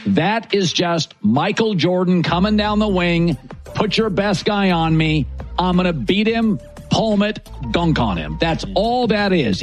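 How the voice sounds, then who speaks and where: A male sports-talk host who argues his points with force and certainty. His voice sits high and moves a lot in pitch. A faint music bed runs underneath. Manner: emphatic, lively, declarative.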